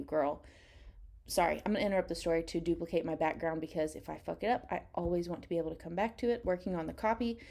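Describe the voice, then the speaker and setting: Young woman photographer from Texas, chatty and self-mocking, mid-pitched and casual. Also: a little mellow. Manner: chatty, self-mocking, swears freely, acts out her own quotes. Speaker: photographer vlogger. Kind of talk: casual storytime chat while editing.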